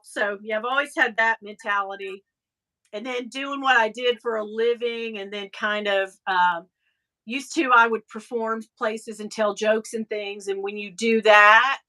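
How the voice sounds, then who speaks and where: A woman with a Southern US accent hosting a casual live chat, animated and quick to laugh as she reads viewer comments. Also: fairly high pitch, low-quality recording. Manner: chatty and animated, laughing often, breaks into mocking voices. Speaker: live show host.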